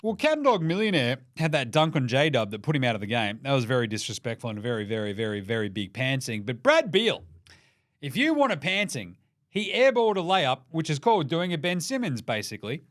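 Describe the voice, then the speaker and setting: A man's voice: mid-range voice, very animated, fairly quick, a bit bright, no echo, studio quality. Sweary Australian man riffing on basketball. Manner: irreverent, sweary, jokey. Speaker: NBA podcast host. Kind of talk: casual sports commentary.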